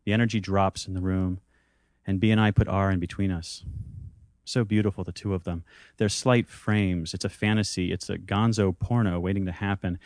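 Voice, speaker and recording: A man with a very low voice reads his own intimate story aloud, measured and unhurried in delivery. The sound is close and dry, with no room around it. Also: steady tone, darkish tone, no room sound. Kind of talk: reading a first-person story aloud.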